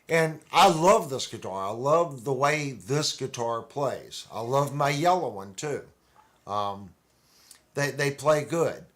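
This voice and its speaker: A man with a medium-pitched, slightly bright voice hosts a casual livestream about guitars. He chats in a rambling, conversational way, with restarts.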